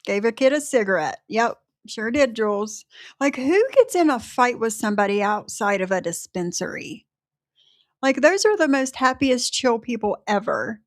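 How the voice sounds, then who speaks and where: A woman's voice: fairly high pitch, very animated, moderate pace, dry recording, studio quality. A woman co-hosting a livestream, reading viewer comments aloud and answering them in a wry, sarcastic tone. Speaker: co-host reading chat. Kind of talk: casual livestream chat.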